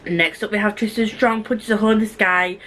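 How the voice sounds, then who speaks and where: Fast-talking woman gushing over books. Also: medium pitch, fairly even intonation, fairly bright tone, rough recording. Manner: chatty, with many restarts and asides. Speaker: book vlogger. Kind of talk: casual book review vlog.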